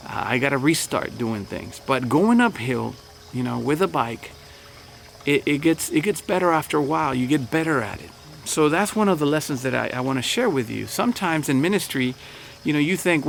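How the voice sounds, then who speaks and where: Male pastor, slightly high gravelly voice, easygoing chatty delivery, faint cricket noise outdoors. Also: a little fast. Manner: relaxed, chatty, many fillers. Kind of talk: casual devotional talk.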